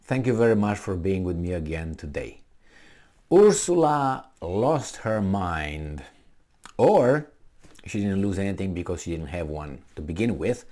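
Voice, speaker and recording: A man delivering sarcastic political commentary to his viewers, reading news aloud and mocking it. He talks slowly, with his pitch swinging widely between lines. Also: big pitch swings, dark tone.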